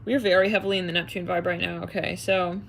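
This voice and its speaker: A woman's voice: lowish voice, level tone, quick pace, gravelly, slight background noise. A woman hosting an astrology live stream, chatting in a rambling, giggly way with her viewers.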